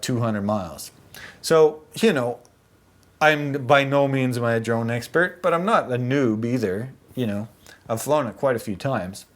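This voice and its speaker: Chatty man telling a crash story. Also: medium pitch. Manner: chatty, animated, slangy. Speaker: vlogger. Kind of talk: casual storytelling to camera.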